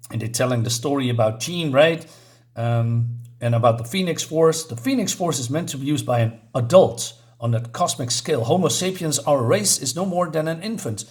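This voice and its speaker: A man with a fairly high, very lively voice talks through a comic book story in a relaxed, chatty way. He narrates the panels and reads the characters' lines aloud in playful voices. He giggles now and then as he goes. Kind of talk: casual comic review, reading panels aloud.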